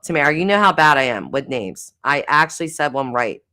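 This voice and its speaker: A woman's voice: low voice, lively intonation, a little fast, hardly any pauses, pushed and bright. A middle-aged woman hosting a casual live stream, reading chat comments aloud, giggling and teasing herself about getting names wrong. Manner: giggly, self-deprecating, chatty.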